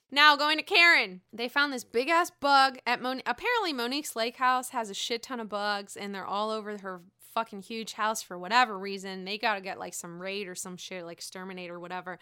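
A woman's voice: on the high side, sharp tone, clear, resonant tone. A woman casually recapping a reality show, gossiping, swearing freely and often laughing.

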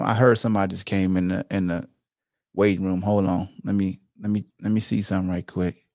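In casual sports talk, a podcast host delivers loose, animated trash talk aimed at rival fans. He sits low and speaks a little fast, and the recording is dry and studio quality.

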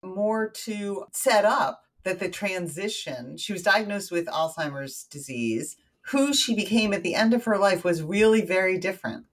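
An American woman, a guest on an interview show, spinning out a personal story in easy conversation. She is animated and chatty, and she keeps dropping wry little asides as she goes. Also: mid-range voice, normal speed, few pauses. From United States.

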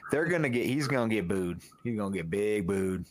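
Blunt low-voiced man on a podcast. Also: lively intonation, a little fast. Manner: blunt, profane, teasing. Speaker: podcast co-host. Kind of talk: casual sports podcast chat.

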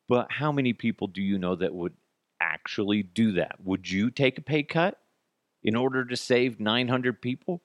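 A man's voice: fairly low pitch, no room sound, clean studio sound. A man hosting a podcast alone, giving blunt, profane, sarcastic commentary. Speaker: podcast host. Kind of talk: solo commentary.

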